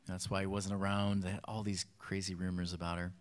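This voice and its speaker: A man preaching a sermon, telling a story and acting out its voices with lively bursts. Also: sits low, fairly quick. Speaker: pastor.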